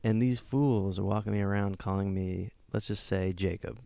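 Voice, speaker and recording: Gravelly, joking male podcast host. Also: fairly low pitch, steady tone, moderate pace, warm tone, dry recording. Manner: joking, self-mocking storyteller. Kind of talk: casual comedic podcast chat.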